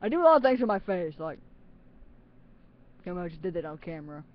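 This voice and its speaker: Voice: medium pitch, sing-song, fast talker, lo-fi sound. A teenager talking casually into a webcam on their own channel, rambling and giggling with plenty of self-mocking asides. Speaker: channel host.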